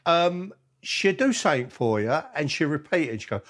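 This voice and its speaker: A man's voice: a little high, sing-song, normal speed, fairly bright tone. A middle-aged man, a father answering questions bluntly with jokes. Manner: blunt, joking. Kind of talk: casual chat.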